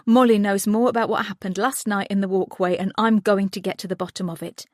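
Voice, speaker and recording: A woman's voice: medium pitch, steady tone, a little fast, a little mellow, dry recording, studio quality, natural voice. A woman voicing a grieving mother who is angry and accusing in an audiobook, speaking with raised urgency. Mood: anguished.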